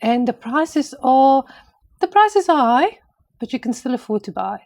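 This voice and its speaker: A woman's voice: high-pitched, very animated, a little slow, darkish tone. A woman co-hosting a property discussion, explaining costs and the market in a plain, matter-of-fact way. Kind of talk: casual conversation.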